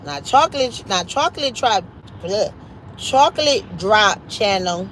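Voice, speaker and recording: Medium-pitched and animated, with a somewhat bright tone and a measured pace, a Cleveland, Ohio woman hosts a casual livestream from home. She keeps up an upbeat, chatty flow, nudging viewers toward her friends' channels. The rough recording has a little hiss or hum.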